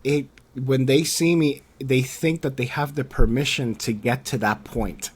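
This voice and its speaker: A man hosts a casual interview podcast and talks in an animated storytelling way. His pitch sits at an ordinary middle height. A faint background hum runs under the voice. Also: a little slow. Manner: animated storyteller, acts out quoted people in a raised voice; candid, swears casually. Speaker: podcast host interviewing a creator.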